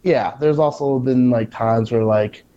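A man, a pro wrestler, chatting casually and telling animated stories, acting out what people said. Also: medium pitch, unhurried, dull audio, a little hiss or hum. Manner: animated storyteller, acts out quotes. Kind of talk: casual conversation.

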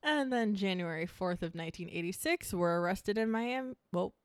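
A woman's voice: mid-range voice, lively intonation, moderate pace, smooth, no echo, studio quality. A young woman co-hosting a casual true-crime podcast, chatty and joking, swearing casually. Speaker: podcast co-host.

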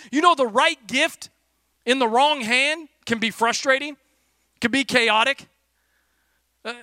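Male pastor, chatty and jokey, high bright voice, dry close mic on a church stage. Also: dry recording. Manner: loose and conversational, full of "like" fillers, jokey. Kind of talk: casual, energetic sermon.

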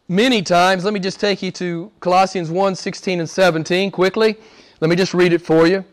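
Male pastor, middle-aged, high-pitched, emphatic sermon delivery. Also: smooth. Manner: emphatic preaching with lists and scripture readings.

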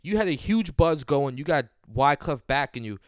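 A man co-hosting a casual album review chat, easygoing and quick to laugh along. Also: on the high side, lively intonation, no echo. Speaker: podcast co-host reviewing an album.

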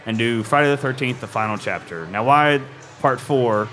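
A man's voice: medium pitch, normal speed, fairly bright tone, faint music behind. A man co-hosting a casual live podcast, rambling and joking as he recaps movie plots in a brewery. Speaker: podcast co-host.

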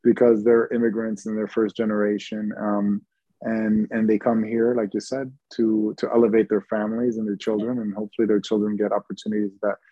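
A man guest talking in a relaxed, easygoing way in an interview, with lots of ums and restarts. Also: fairly low pitch, a little fast, dry recording, muffled recording. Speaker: guest, TV host and founder. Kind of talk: casual interview chat.

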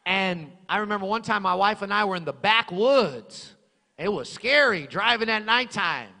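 A male pastor preaching a sermon with fervent, emphatic repetition that rises to shouts. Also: high-pitched, long reverb tail.

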